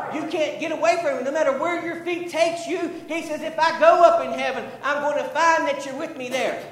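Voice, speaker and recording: A male pastor preaching a sermon, building to emphatic, drawn-out declarations. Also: very high voice, a bit bright, reverberant, poor audio. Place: church sanctuary.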